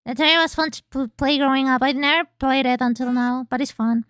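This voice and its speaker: A young woman streams games from home, speaking into a close mic in a very dry room. Her voice sits high and sounds bright and clear. She talks loosely with chat, curses casually, and breaks into sudden squeals while she plays. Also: fairly even intonation, fast talker, hardly any pauses, no echo. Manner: chatty and cursing, reading chat aloud, bursts of squeals while playing. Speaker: VTuber streamer.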